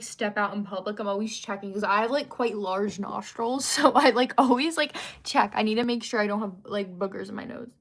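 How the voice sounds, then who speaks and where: A young woman hosting a livestream, chatting casually and reading out viewer comments, with lots of fillers and giggly asides. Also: a little high. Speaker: livestream host.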